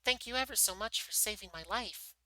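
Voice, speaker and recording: Tiny regal mouse queen with a squeaky high voice, haughty, very bright, a man doing it. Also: a little fast, dry recording, rough recording. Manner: indignant, regal.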